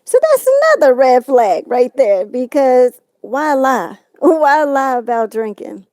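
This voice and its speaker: A woman's voice: high-pitched, a little slow, a little mellow, dry recording. A woman telling a distressing personal story as a talk-show guest, acting out what others said.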